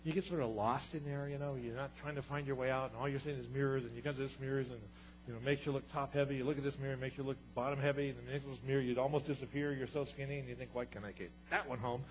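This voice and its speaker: A man preaching a sermon, telling stories with lively swings between loud and hushed delivery. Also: mid-range voice, fast talker. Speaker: pastor. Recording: dull sound with faint hum.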